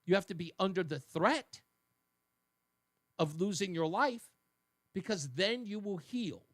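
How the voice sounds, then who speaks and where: A man hosting a talk radio show, delivering an emphatic, argumentative opinion monologue that swings between loud and low. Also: a little slow, no echo, clean studio sound.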